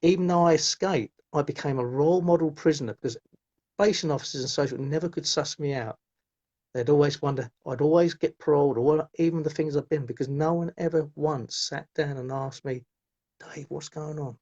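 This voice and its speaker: A man's voice: fairly high pitch, fairly quick, darkish tone. A middle-aged man, telling his life story as a guest in a rambling way, often restarting his sentences. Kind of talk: personal storytelling in conversation. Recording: muffled lo-fi audio.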